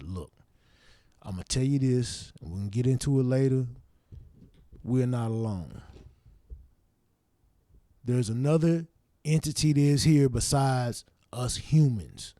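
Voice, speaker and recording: A man hosting his own show, telling a story in a casual, profane, animated way and acting out his younger self's reactions. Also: mid-range voice, a little slow, pauses often, no room sound, clean studio sound. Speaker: show host.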